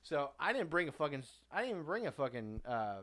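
A man's voice: on the high side, big pitch swings, fast talker, a bit bright. A young man hosting a podcast, telling a rambling, profane party story with laughs mixed in. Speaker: podcast host. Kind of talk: casual storytelling.

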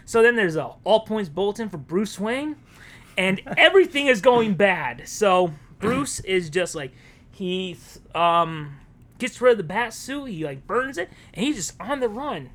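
Animated man retelling a story. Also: high voice, measured pace. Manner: animated storyteller, acting out characters' lines. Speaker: podcast co-host. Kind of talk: casual chat, retelling a story.

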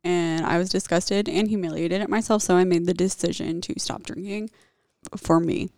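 A woman's voice: lowish voice, steady tone, moderate pace, a little mellow, dry recording, studio quality. A young woman telling a personal story in a casual confessional vlog, blunt and candid with a lot of swearing.

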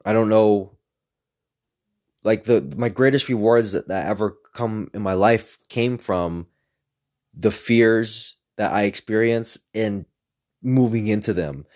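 A man's voice: on the low side, slow. Rambling, profane young man telling stories. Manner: rambling, profane, animated when retelling. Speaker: speaker sharing personal stories. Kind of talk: casual storytelling monologue.

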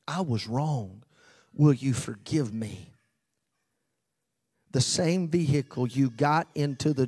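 A man preaching a sermon as pastor, swinging from loud emphasis to hushed near-whispers and slowing down on key phrases. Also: mid-range voice.

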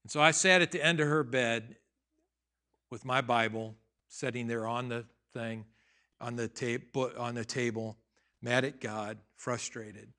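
A middle-aged male pastor telling a personal story in a sermon, talking casually and swinging between quiet asides and loud, emphatic bursts. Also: medium pitch, steady tone, measured pace.

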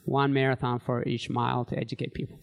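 A man from Eritrea telling running stories in a live interview, animated and acting out the voices of people he quotes, in slightly English. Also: mid-range voice, quick pace, gravelly. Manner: animated, acts out quoted voices, non-native grammar. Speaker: guest, marathon runner. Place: physical therapy studio before a live audience.

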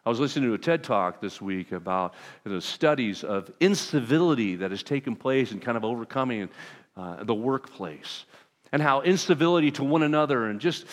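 A man preaching a sermon as pastor, talking to his congregation in a conversational, self-deprecating way with lively asides. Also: medium pitch. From Southern California. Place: church sanctuary. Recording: long reverb of a large hall.

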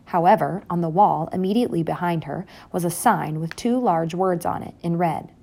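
A woman reads a children's chapter book aloud in a calm, even way. Her voice sits low and has a gravelly edge. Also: normal speed. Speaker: narrator. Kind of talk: audiobook narration.

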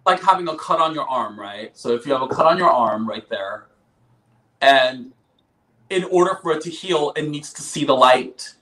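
A man's voice: mid-range voice, animated, normal speed, bright, forceful tone, rough recording. A male author talking as a guest on a podcast, explaining his ideas patiently with analogies. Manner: explanatory, uses metaphors. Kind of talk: casual interview talk.

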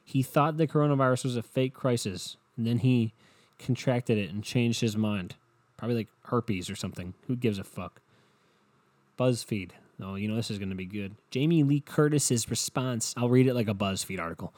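A man's voice: mid-range voice, moderate pace, a little mellow, dry recording. A young man hosting a solo podcast, rambling in a profane, sarcastic, offhand way. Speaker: podcast host. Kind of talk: casual solo podcast rant.

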